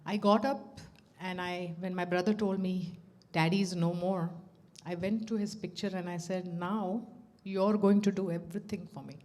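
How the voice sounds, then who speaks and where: A woman's voice: fairly low pitch, moderate pace. A middle-aged woman telling a personal story at a devotional gathering, laughing often and acting out the dialogue. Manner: animated, laughs often, acts out quoted dialogue. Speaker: speaker at a devotional center.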